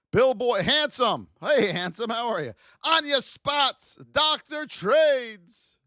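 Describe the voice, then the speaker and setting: A man with a high, animated voice hosts a live trading stream, swinging freely up and down as he talks. He is blunt and chatty, trading stories and speaking straight to his viewers. The sound is close and dry, with no room around it. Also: no echo.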